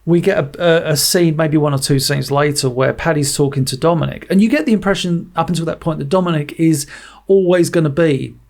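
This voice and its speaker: A man co-hosting a podcast, chatting casually about a film and retelling its scenes in an animated, rambling way full of restarts and fillers. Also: fairly high pitch, brisk, gravelly. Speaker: podcast co-host. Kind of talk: casual film review chat.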